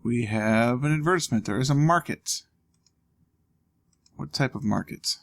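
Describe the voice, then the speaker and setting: Gravelly man mulling over a game. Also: medium pitch, normal speed. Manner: thinking aloud, wry asides. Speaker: let's play host. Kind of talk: casual gameplay commentary.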